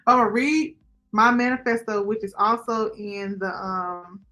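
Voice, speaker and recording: A woman's voice: mid-range voice, unhurried, pushed and bright. A young woman, chatting casually with viewers as a livestream host. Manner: chatty, talks to viewers and chat directly. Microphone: computer microphone.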